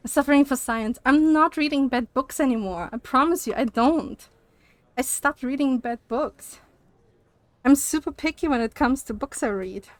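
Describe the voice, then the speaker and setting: A young woman streamer talks to her chat, a little out of breath because she walks as she talks. Her voice sits fairly high and she speaks at an unhurried pace, then gets animated and curses. The sound is close and dry, with no room around it. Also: no room sound. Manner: animated, swearing, laughs often. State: slightly out of breath, on a walking pad. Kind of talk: casual chat with live chat.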